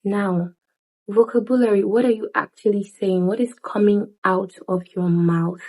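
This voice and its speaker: A young woman talks straight to her viewers in an easy, chatty style. Her voice is mellow and soft-edged, never sharp. She jumps into quick playful asides and laughs at herself as she goes. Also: mid-range voice, fairly even intonation, poor audio. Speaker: lifestyle vlogger. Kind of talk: casual advice talk to camera.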